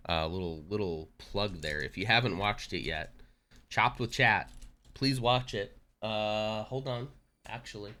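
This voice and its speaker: A man's voice: fairly low pitch, measured pace, sharp tone. A young adult man chatting casually on a live stream, joking and self-deprecating. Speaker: livestreamer.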